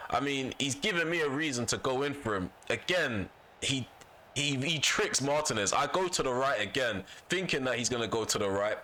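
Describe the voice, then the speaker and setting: A man's voice: medium pitch, pushed and bright, a little hiss or hum. A man commentating casually on his own football video game, venting and repeating himself when annoyed. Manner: frustrated, vents and repeats himself. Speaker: gaming YouTuber.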